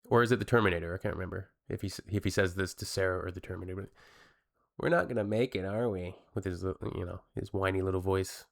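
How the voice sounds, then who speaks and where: Blunt, chatty man with a lowish voice. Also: little pitch movement, fast talker, creaky, few pauses. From Canada. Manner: blunt, chatty, addresses viewers. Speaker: reaction video host. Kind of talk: casual reaction commentary.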